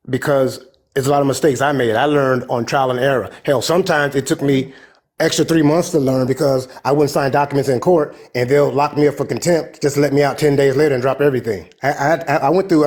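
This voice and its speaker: Man giving advice, kinda preachy, repeats himself a lot, highish voice. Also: a little mellow. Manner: earnest, preachy, repeats key points. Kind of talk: casual advice talk.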